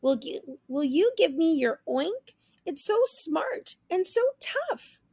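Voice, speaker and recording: A woman voicing an insecure young female turkey who pleads and complains in a high squeaky voice. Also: big pitch swings, takes it slowly, warm tone, no echo, studio quality, exaggerated voice. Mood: pleading.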